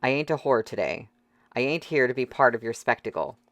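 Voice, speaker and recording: A reader voicing a fierce, defiant young woman who swears coarsely and shouts in a shrill voice, in an audiobook. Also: expressive, fairly quick, no echo. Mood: solemn.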